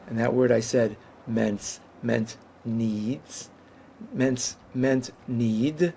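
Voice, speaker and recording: A male Hebrew teacher talks through a lesson at an unhurried pace, with a gravelly edge to his voice. He explains patiently and says each word slowly and with care. A faint hiss sits under the recording. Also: mid-range voice, steady tone, warm tone. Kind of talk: whiteboard language lesson.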